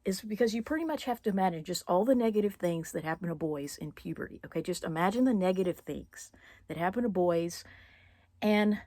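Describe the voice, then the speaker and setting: A young woman vlogging casually, rambling with many fillers and restarts and clearing her throat now and then. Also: fairly low pitch, mellow, dry recording. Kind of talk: casual personal monologue.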